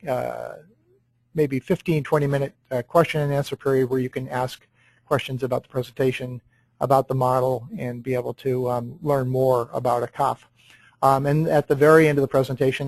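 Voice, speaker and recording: A man hosts an online webinar and introduces the guest speaker. He fills his sentences with ums and uhs and talks at a relaxed pace. His voice sits at an ordinary pitch, with a dry sound from a computer microphone and no room echo. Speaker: webinar host.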